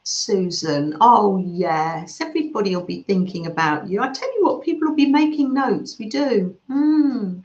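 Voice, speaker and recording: A woman gently chatting with her livestream viewers and reading their comments aloud, with soft murmurs and coos. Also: mid-range voice, lively intonation, measured pace, hardly any pauses. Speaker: craft livestream host. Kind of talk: casual chat reading live comments. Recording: slightly dull sound in an echoey room.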